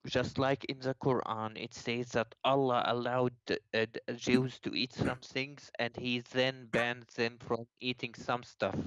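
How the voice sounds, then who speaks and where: A man calling into an online debate, answering in halting, hesitant phrases. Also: medium pitch, little pitch movement, a bit bright, clean tone, muffled recording. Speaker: debate caller.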